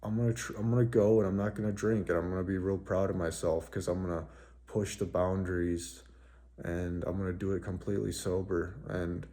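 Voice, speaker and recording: Low, dark-voiced rambling man. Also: flat delivery, fairly quick. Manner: rambling, filler-heavy with frequent "like". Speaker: vlogger. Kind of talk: casual storytelling monologue.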